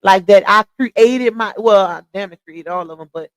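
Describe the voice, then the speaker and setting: A woman's voice: medium pitch, normal speed, dry recording. A young woman with a Louisiana Southern accent, chatting casually with her livestream viewers and laughing often. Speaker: livestream host.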